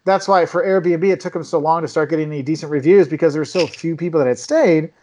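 Young male podcast guest with a higher voice, lively and chatty, jumps into voices for quotes. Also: fast, slight background noise. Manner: animated storyteller, acts out quotes with big pitch jumps. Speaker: travel video maker, podcast guest. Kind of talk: casual chat.

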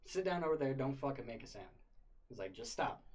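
A man's voice: medium pitch, a little fast, a little hiss or hum. A young man casually retelling a wild story, full of swearing and laughter. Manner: profane, animated, laughing retelling.

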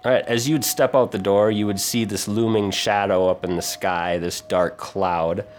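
A man's voice: fairly low pitch, fairly even intonation, moderate pace. A man narrating as game master of a tabletop game, casual with many fillers. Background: music.

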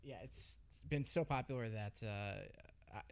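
A man's voice: mid-range voice, measured pace, smooth. A man hosting a podcast in casual chat, telling stories about himself in a chatty, self-deprecating way. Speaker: podcast host.

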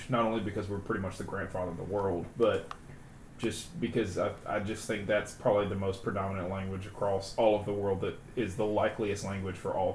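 Man, lowish voice, laid-back rambling talk, roomy echo. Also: darkish tone. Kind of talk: casual group chat. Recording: echoey room, faint noise.

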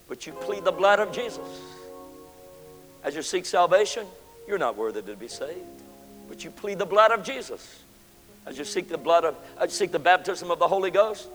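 A man preaching a sermon as pastor, swinging between loud, ringing lines and hushed ones. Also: high voice. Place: church sanctuary. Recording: long hall reverb with faint music.

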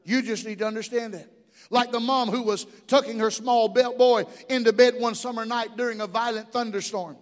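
In a church sanctuary, a middle-aged pastor preaches with passion, throwing in call-and-response asides. His voice is very high, with fairly even intonation and a slightly fast delivery, and the recording carries a long hall reverb.

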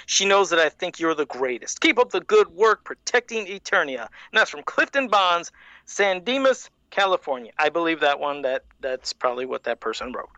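A man co-hosting a casual podcast, reading old fan letters aloud and joking about them with lots of laughter. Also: no echo. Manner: animated, laughs often, jumps in pitch when joking. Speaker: podcast co-host.

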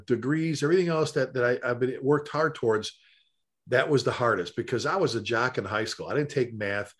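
Middle-aged male firefighter, mid-pitched voice, lively rambling storyteller, casual podcast talk. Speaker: firefighter and paramedic. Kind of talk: conversational storytelling.

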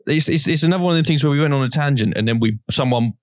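A man's voice: fairly high pitch, racing, no room sound, studio quality. A young man co-hosting a podcast, telling a long story in a rambling, casual way with plenty of swearing. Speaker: podcast co-host. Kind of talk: casual chat.

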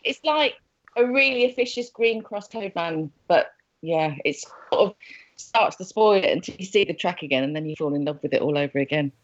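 A woman's voice: on the low side, lively intonation, fairly quick. A woman, co-presenting and teasing her colleagues in a casual chat. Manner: teasing, chatty. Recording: muffled lo-fi recording.

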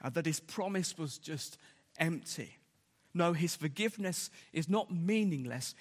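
A man's voice: a little high, expressive, unhurried, in a large hall. A man preaching a sermon earnestly, repeating key words for emphasis, with frequent fillers and restarts.

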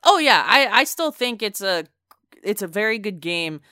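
A woman co-hosting a casual video game chat, talking quickly with lots of fillers and dry sarcasm. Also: medium pitch, big pitch swings, sharp tone, smooth, dry recording. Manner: chatty, filler-heavy, sarcastic. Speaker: video game podcast co-host.

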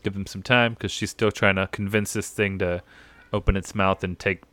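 Bright-voiced man recapping a scene. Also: low voice, moderate pace, dry recording. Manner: animated, acts out scenes in silly voices. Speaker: podcast host. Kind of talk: casual review chat.

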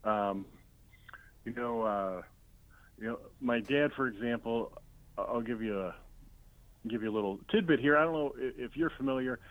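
A man, a comedian guest, telling comic anecdotes in an interview with a deadpan delivery and many fillers and restarts. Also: mid-range voice, moderate pace, pauses often. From Illinois. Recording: dull lo-fi sound.

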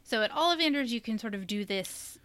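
A woman's voice: on the high side, animated, a little fast, a bit bright, smooth, no room sound. A woman in casual conversation, rambling with lots of fillers as she describes a trip. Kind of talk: casual chat.

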